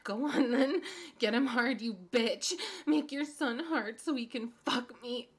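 Breathy, whispering one moment and sobbing the next, a woman voices a domineering yet desperate, pleading adult woman for an erotic audio role-play. She speaks on the high side at an unhurried pace.

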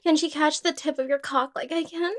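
Young woman doing adult role-play audio, high voice, teasing and intimate. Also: steady tone. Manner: teasing, intimate, unhurried delivery.

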